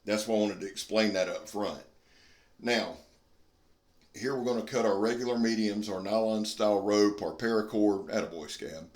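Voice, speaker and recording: A man's voice: on the low side, fairly even intonation, normal speed, darkish tone, roomy sound. A man giving a casual, blunt and folksy review of a knife he is testing.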